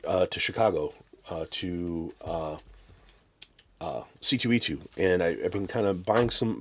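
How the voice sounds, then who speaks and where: Male host for an unboxing vlog, deep voice, loose and sarcastic, desk camera mic. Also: slight background noise. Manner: sarcastic, rambling, mock-ranting. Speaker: channel host. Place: home desk with camera and laptop.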